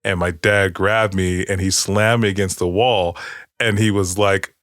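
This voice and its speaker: Rambling, low-voiced male podcast co-host. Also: steady tone, measured pace, fairly bright tone, no echo, clean studio sound. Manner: rambling, with many restarts and profanity. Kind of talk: casual chat.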